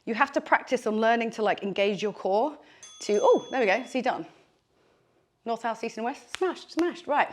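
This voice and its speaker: Woman, fitness instructor, chatty encouraging coaching, slightly high voice, out of breath. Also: expressive, normal speed. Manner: chatty, encouraging, with fillers like "like" and "okay". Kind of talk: workout instruction.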